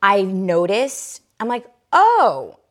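A young woman co-hosting a podcast, telling stories in casual chat, swearing and halting with fillers. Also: mid-range voice, huge pitch swings. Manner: chatty storyteller, profane, halting with fillers. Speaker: podcast co-host.

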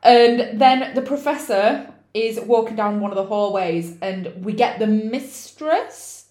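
A woman's voice: on the high side, takes it slowly. A woman chatting casually, retelling a film scene by scene and laughing as she acts out characters' lines. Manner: animated, laughing often, acting out characters' lines. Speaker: podcast co-host recapping a film. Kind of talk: casual chat. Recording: roomy echo.

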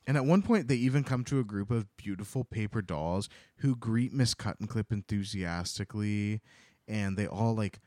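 A man's voice: on the low side, darkish tone, no echo, studio quality. A man co-hosting a podcast, casually retelling a book's plot and acting out the characters' lines. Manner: retells plot with quick acted-out quotes. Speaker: podcast co-host. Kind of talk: casual book-recap chat.

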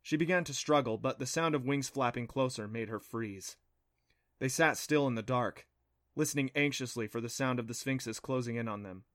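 A man narrating a children's adventure storybook in a steady, expressive reading. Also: medium pitch, moderate pace, no echo, studio quality. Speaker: audiobook narrator.

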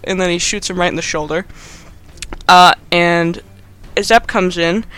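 Rambling, bright-voiced man recapping a film. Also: sits high, fairly quick, smooth. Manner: rambling, animated, many fillers. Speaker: podcast host.

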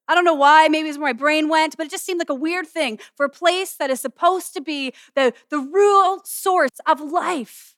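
Lively woman preacher, chatty and funny, high voice, bright and dry. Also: no room sound. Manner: animated, humorous, conversational preaching. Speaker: pastor and student chapel speaker. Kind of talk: sermon with object lesson.

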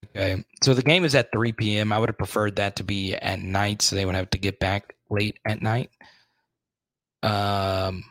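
A man's voice: lowish voice, steady tone, moderate pace, fairly bright tone, no echo. A young adult man hosting a casual sports talk show, rambling and thinking aloud, openly frustrated.

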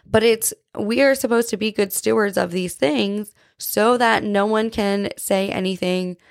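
A woman's voice: mid-range voice, measured pace, gravelly, no room sound, studio quality. A woman hosting a podcast in casual faith talk, chatty and earnest, often asking "right?" and saying "like". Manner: earnest, confessional. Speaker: podcast host.

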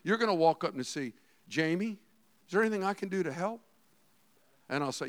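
A middle-aged man preaching a sermon as a pastor, animated, swinging between hushed asides and shouted emphasis. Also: high voice, brisk.

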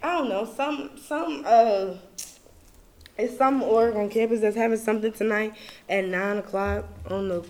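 A young woman hosting a podcast, venting in casual chat, animated and profane, swinging from loud outbursts to low muttering. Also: moderate pace. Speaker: podcast host.

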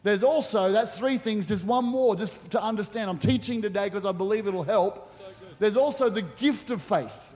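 A man preaching a sermon as pastor, animated and acting out the voices in the stories he tells. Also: high voice, moderate pace. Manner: animated, acts out quotes in the story. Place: church auditorium. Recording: long reverb of a large church hall.

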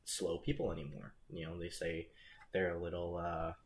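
Podcast cohost guy, deep voice, jokey and rambling. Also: flat delivery, normal speed. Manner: loose and joking, rambling asides. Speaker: podcast co-host. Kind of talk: casual discussion.

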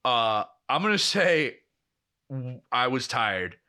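Young man, podcast co-host, casual rambling storytelling, swears freely, bright forceful tone, middling pitch. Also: very animated, slow, smooth. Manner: rambling, profane storytelling full of quoted dialogue. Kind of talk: casual chat.

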